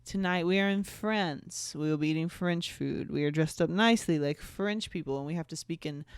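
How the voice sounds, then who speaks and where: A woman's voice: deep voice, normal speed, clear, resonant tone, no echo, studio quality. A woman reading her own teen-romance heroine, bubbly and playful, often in a clumsy fake French accent.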